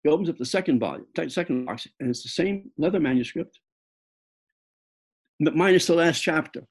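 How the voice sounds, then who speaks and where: A man's voice: fairly high pitch, lively intonation, brisk, husky. An older man from the Bronx, an author telling personal stories in a reflective way that halts often and repeats words. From the Bronx, New York. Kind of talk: personal storytelling talk.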